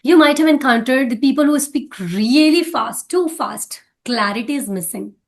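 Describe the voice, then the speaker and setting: A woman with an Indian English accent gives casual coaching on speaking English, frequently checking in with "right?". Her voice is high-pitched and animated, and she speaks at a moderate pace.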